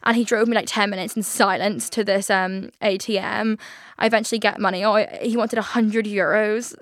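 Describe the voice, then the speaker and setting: A young woman, hosting a podcast and telling a story in a casual, sweary, excitable way, full of fillers. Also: mid-range voice, normal speed, no room sound, studio quality. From Northern Ireland. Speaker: podcast host.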